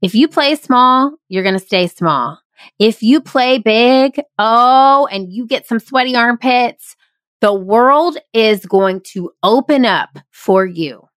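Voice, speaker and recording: A woman's voice: fairly high pitch, lively intonation, slow, dry recording. Upbeat woman podcast host, dry sound. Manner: upbeat, emphatic and motivational. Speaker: podcast host and improv workshop leader. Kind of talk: solo podcast monologue. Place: small closet. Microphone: studio podcast microphone.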